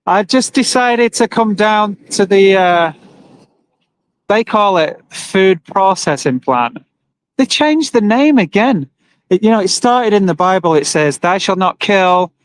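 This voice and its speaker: Guy with a higher voice streaming on his phone outside, earnest, gets worked up, reads out comments. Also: a little slow, smooth, dry recording, rough recording. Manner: earnest, emotional, talks to viewers and reads comments aloud. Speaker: livestreamer at an animal rights vigil. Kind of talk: live-streamed casual monologue. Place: outdoors by a roadside with passing trucks.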